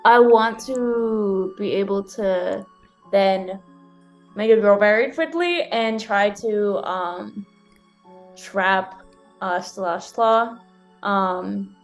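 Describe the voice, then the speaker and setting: A woman's voice: mid-range voice, drawn-out words, faint music behind. A woman playing a tabletop game, describing her moves hesitantly and thinking aloud with lots of "um". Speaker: player.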